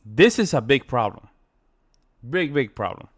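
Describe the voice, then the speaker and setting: A man's voice: medium pitch, very animated, a little slow. A man commenting on a debate clip for his viewers, emphatic and repeating his points. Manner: emphatic, repetitive, addressing viewers. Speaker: reaction video host. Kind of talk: reaction commentary.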